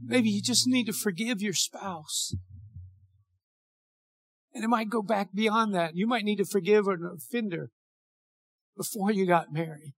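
A man's voice: high-pitched, a little slow, long pauses, no room sound, clean studio sound. A male pastor preaching a sermon and leading a prayer, earnest and pleading, often repeating his words.

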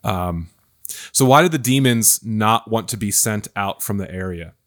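A man's voice: on the low side, expressive, moderate pace, fairly bright tone. A man hosting a Bible study discussion, thoughtful and hesitant, with many fillers and restarts. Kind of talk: casual discussion.

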